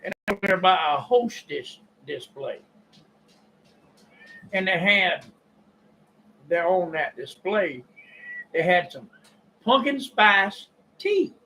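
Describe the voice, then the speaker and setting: Folksy older Kentucky man, slow and bright. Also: high-pitched, lively intonation, a little hiss or hum, low-quality recording. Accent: Southern US (Kentucky). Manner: folksy, drawling, rambling with throat-clearing. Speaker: YouTube preacher and storyteller. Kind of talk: casual monologue.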